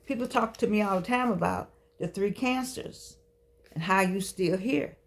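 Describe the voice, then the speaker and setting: Sixties woman, slightly gravelly, talks straight to camera like a sermon among friends. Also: mid-range voice, normal speed. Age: 60s. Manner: chatty, preachy, folksy and emphatic. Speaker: vlogger speaking to seniors. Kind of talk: casual motivational talk to camera.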